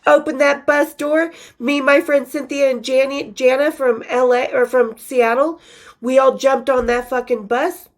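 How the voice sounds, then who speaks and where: A woman's voice: high-pitched, normal speed. A woman hosting her own show, reading from her old journals in a candid, profane, casual storytelling manner with laughing asides. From western United States.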